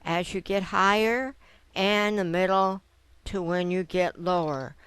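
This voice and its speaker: A woman's voice: fairly low pitch, unhurried, a bit bright, smooth, no room sound. A woman giving a piano lesson, patiently explaining step by step and counting notes aloud. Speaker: piano teacher. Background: piano notes played between phrases.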